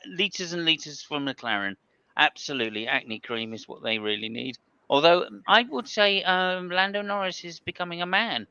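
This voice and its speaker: A man's voice: fairly high pitch, pushed and bright, smooth, dry recording, highs cut off. A man hosting a casual chat, joking and restarting his sentences. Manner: chatty, joking, stops and restarts. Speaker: host.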